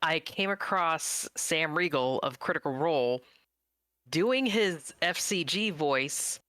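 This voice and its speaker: A guest on an interview show chatting casually on a livestream, relaxed and amused. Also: mid-range voice, slow, no echo.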